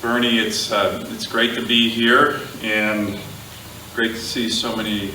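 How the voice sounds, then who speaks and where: A man from Alaska giving a eulogy at a memorial gathering, halting with fillers and light jokes. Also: fairly low pitch, level tone, slight background noise. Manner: halting, fillers, warm joking asides. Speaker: speaker at a memorial. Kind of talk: public eulogy speech. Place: outdoor gathering with a crowd. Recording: echoey, distant amateur crowd recording.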